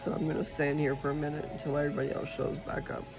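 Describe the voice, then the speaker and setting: A man's voice: a little high, completely flat delivery, very fast, highs cut off, over music. A man vlogging casually at home, talking in a scattered, rambling way straight to his viewers as he walks between rooms. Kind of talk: casual rambling vlog talk.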